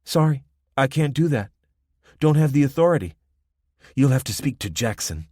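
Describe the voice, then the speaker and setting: A man voicing a confident, teasing young woman with a soft Spanish accent who runs an armed roadblock in an audiobook. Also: medium pitch, lively intonation, normal speed, no echo, clean studio sound, pitched above the performer's own voice, lightly acted. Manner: mocking, playful, giggly. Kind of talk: audiobook character voice.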